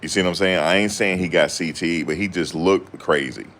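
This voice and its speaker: Young guy talking to camera, real deep voice, slangy laid-back banter. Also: brisk, fairly bright tone. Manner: loose slangy banter, laughing. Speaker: vlogger. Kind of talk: casual chat to camera.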